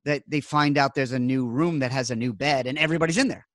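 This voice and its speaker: A man's voice: medium pitch, fast, fairly bright tone, no room sound. Man, middle-aged, casual podcast chat, wry rambling storyteller, dry close sound. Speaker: podcast host.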